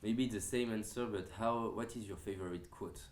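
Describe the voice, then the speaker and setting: Low-voiced hesitant interviewer, roomy sound. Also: male voice, fairly even intonation. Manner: hesitant, halting phrasing with fillers. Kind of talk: interview questions. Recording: roomy sound with faint background noise.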